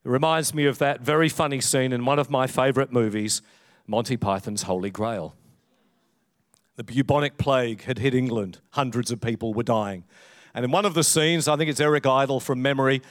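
A man preaching a conversational sermon, telling humorous stories in an animated, chatty way. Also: mid-range voice, dry recording, studio quality. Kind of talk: sermon with storytelling.

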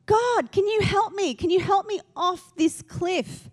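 A panicked man stuck on a cliff yells and begs for help in a high, strained voice, as a woman puts him on. He promises anything to get down. The voice comes loud and urgent, part of a story told in a sermon. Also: expressive, fast talker. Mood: frantic, pleading. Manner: desperate, yelling for help.

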